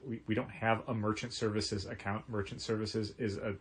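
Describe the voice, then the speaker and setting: A man co-hosting a casual podcast, telling stories in a lively way and acting out both sides of phone calls he quotes. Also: fairly low pitch, normal speed. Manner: animated storytelling with quoted phone voices. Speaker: podcast co-host, comic shop co-owner.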